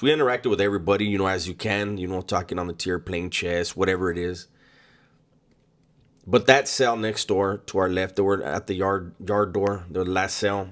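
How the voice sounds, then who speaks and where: A man with a fairly low voice tells a personal story in a casual, unhurried way. He stops often for ums and repeats himself mid-sentence. His delivery is conversational, as if he were talking to a friend. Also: fairly even intonation. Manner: halting, with frequent ums and repeated words. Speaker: storyteller recounting prison experiences.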